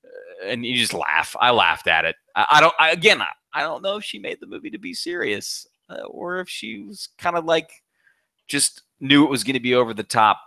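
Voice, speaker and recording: A man co-hosting a casual movie chat, excitable and profane, often stumbling and restarting. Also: mid-range voice, brisk, creaky, no room sound. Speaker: podcast co-host.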